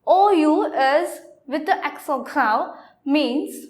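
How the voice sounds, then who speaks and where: A woman with an Indian accent giving a French lesson, explaining slowly and repeating her phrases. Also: high-pitched, animated. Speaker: French teacher. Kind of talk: classroom lecture.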